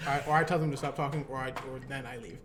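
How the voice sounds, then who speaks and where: A man's voice: medium pitch, steady tone, quick pace, background noise. A man, a comedian, ranting animatedly in a casual chat, swearing heavily. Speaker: comedian, podcast guest.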